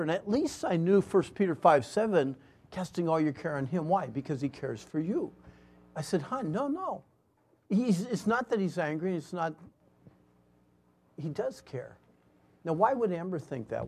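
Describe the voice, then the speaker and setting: A man preaching a sermon and telling his own story earnestly, moving between loud emphasis and hushed lines. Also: a little high. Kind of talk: sermon with personal testimony.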